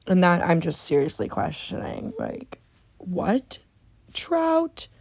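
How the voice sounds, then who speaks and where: A young adult woman hosting a casual solo podcast, ranting about odd baby names in an incredulous, animated way, swearing and laughing often. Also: low-pitched, unhurried, creaky, breathy edge. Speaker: podcast host.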